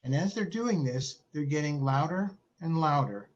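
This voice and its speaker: Man with a slightly high voice on a muffled call. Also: lively intonation. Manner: amused anecdotal telling with pauses. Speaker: former chief resident. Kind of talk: casual storytelling on a video call. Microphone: video call. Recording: dull, muffled video call audio.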